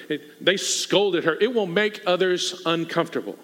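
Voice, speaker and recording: A man preaching a sermon as pastor, animated and acting out the people in the story. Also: high-pitched, moderate pace. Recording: echoey hall.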